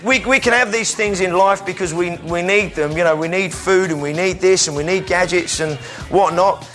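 A man preaching an energetic sermon in church, calling volunteers up and sometimes breaking into shouts. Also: high voice, moderate pace, soft background music. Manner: energetic, calls out to the crowd, bursts into shouts.

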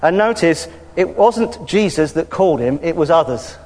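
A man preaching a conversational sermon, lively and informal, punctuated with hallelujahs. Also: on the high side, moderate pace. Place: church hall. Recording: hall reverb.

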